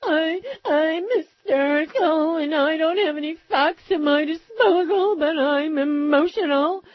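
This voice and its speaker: A woman's voice: high voice, no echo, lo-fi sound, voice pushed up. A woman mocking a hysterical weepy pundit. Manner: slow, quavering mock sobbing. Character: hysterical weepy male right-wing pundit.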